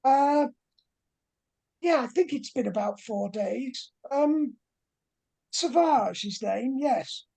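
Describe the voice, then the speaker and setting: A woman's voice: high-pitched, lively intonation, slow, creaky, long pauses, dark tone, husky, heavily acted. A woman voicing an eccentric, flamboyant older male professor with a posh British accent, rambling and flustered as she plays him. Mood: fussy.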